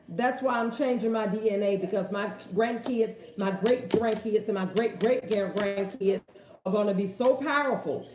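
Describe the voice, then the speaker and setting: A woman's voice: mid-range voice, darkish tone. A woman hosting a casual question-and-answer talk, with an emphatic, preachy, folksy way of speaking. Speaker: host. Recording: echoey room.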